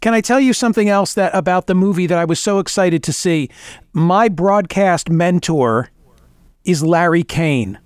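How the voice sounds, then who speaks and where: A middle-aged man hosting an interview, eager and enthusiastic, prompting his guest with quick asides. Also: high-pitched, clean tone. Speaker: show host.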